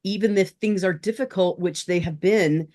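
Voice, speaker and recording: A woman sharing in a group coaching session, talking in a halting way with hesitant restarts. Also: on the low side, warm tone.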